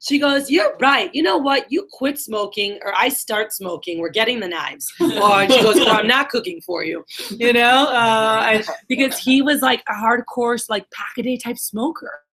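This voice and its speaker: A woman's voice: fairly high pitch, moderate pace, fairly bright tone. A woman giving a casual, swearing motivational talk to her sales team, acting out the voices in her stories. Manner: casual storytelling, acts out quotes, swears.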